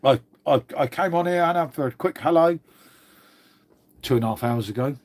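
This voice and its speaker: A man's voice: a little high, moderate pace, darkish tone, a little hiss or hum. A man with a London-area English accent, from Old Windsor, chatting casually on a livestream while reading comments, swearing freely, calling everyone mate, and sounding congested with a cold. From England (Old Windsor, Berkshire). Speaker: livestream host.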